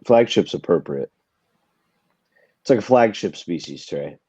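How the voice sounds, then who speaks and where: Low-voiced man talking football, dull mic. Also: a little slow, breathy edge, no room sound. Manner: animated, opinionated, rambling with restarts. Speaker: podcast co-host. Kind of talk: casual sports chat.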